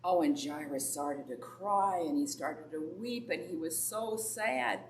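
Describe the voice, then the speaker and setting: A woman's voice: low-pitched, measured pace. A woman Sunday school teacher telling a Bible story to children and asking them questions. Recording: echoey room from far off, faint background noise.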